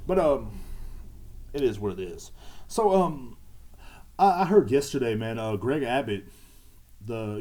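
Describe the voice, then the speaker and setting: A man's voice: medium pitch, dark tone. A man hosting a podcast, rambling casually with lots of profanity and repetition. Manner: profane, repetitive, laid-back. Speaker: podcast host.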